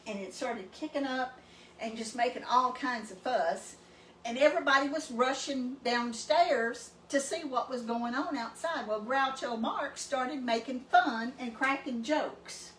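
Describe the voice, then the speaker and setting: In a high, somewhat bright voice at a measured pace, a cooking show co-host from East Texas shares rambling family stories with a folksy Southern accent, casually chatting. Echo fills the room, the mic is far off, and a little noise creeps in.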